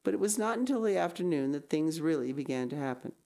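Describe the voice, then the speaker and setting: A woman's voice: deep voice, animated, fast, creaky, dark tone. A woman reading a classic novel aloud, now and then breaking off into casual asides. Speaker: reader.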